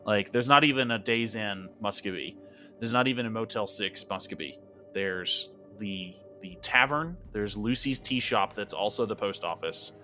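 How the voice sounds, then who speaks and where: Game master, male, casual joking narration, bright lower voice. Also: normal speed, faint music behind. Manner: casual and joking, with many fillers.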